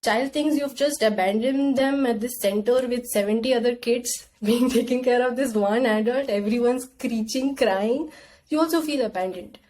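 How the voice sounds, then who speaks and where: Young woman on a podcast, kinda high voice, thinking out loud, faint hiss behind. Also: moderate pace. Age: young adult. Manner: reflective, acts out her inner voice in quotes. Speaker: podcast guest. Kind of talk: casual conversation.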